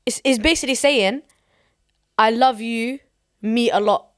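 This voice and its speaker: Casual podcast co-host, a woman: blunt and animated, swears a lot, fairly high voice, dry close sound. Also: a little slow, dry recording. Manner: blunt, animated, swears freely, bursts into song. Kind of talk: casual chat.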